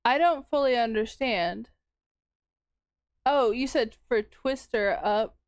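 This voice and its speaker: Woman streamer, slow easy chat, kinda high voice, dry close mic. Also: smooth, dry recording. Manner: chatty, laughs often, reacts to chat. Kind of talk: casual chat with live chat.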